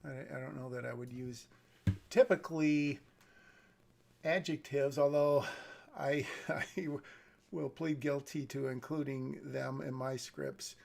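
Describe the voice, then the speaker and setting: A man's voice: medium pitch, fairly even intonation, takes it slowly, gravelly, darkish tone. A man reading a screenplay on a live stream and thinking aloud about it, often hedging and correcting himself. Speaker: script reader giving feedback.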